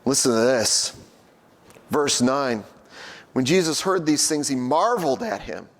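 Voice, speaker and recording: A man's voice: medium pitch, lively intonation, a little slow, long reverb tail. A middle-aged man preaching a sermon as a pastor, telling everyday stories in a conversational, humorous way. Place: church sanctuary.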